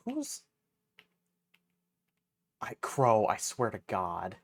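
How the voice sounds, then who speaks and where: Animated streamer, lively swooping pitch. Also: slow pace, pauses often. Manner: animated, jumps from mutters to excited squeals and laughter; teasing, playful banter with chat. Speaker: livestreamer. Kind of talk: casual live-stream chat, thanking viewers.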